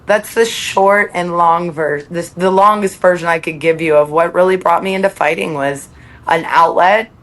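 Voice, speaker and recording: A woman's voice: lowish voice, fairly even intonation, normal speed, fairly bright tone. A woman as a podcast guest, speaking candidly and reflectively, laughing between thoughts and quoting her own self-talk.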